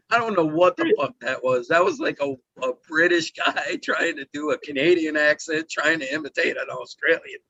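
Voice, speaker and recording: A man's voice: a little high, animated, moderate pace, bright, forceful tone, dry recording. A man on a casual livestream panel, teasing and profane. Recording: dull lo-fi sound.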